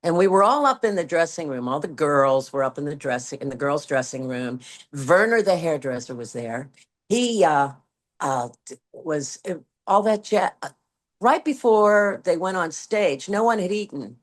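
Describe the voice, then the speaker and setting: A woman in her seventies, a former stage performer, telling a backstage story in an interview and acting out the quoted dialogue with lively swings in her voice. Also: low voice, normal speed. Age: 70s. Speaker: guest, former Broadway performer. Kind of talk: anecdotal storytelling.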